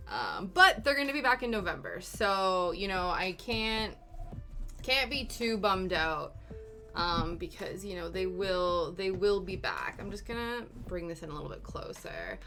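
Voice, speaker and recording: A young woman from Canada chatting casually on a livestream while doing her nails, rambling with lots of ums and laughs. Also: fairly low pitch. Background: soft background music.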